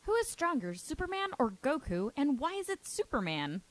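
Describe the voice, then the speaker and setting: A woman reads listener questions on a casual podcast and teases the hosts playfully. Her voice is fairly high and very lively in its pitch, with a close, dry sound. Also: normal speed, no echo.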